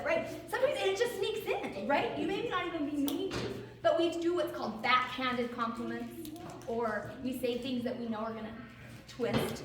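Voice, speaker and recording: A woman coach talks to a room of kids in a bright, high voice, upbeat and full of questions for the audience. The mic is far from her, so her voice sounds distant. The room is very echoey, and steady noise runs under her words. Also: moderate pace. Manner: animated and encouraging, asks the audience questions. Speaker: theater and vocal coach. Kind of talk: talk to a group of kids.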